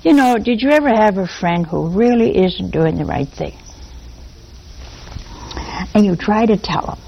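A woman preaching a sermon, animated and throwing rhetorical questions at her listeners. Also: mid-range voice, a little slow, gravelly, highs cut off.

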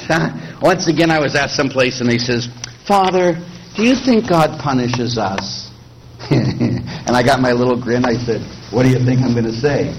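A middle-aged man, a priest, preaching a sermon in a lively, teasing way and putting questions to the congregation. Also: medium pitch, brisk, a little hiss or hum, poor audio. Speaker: Catholic priest.

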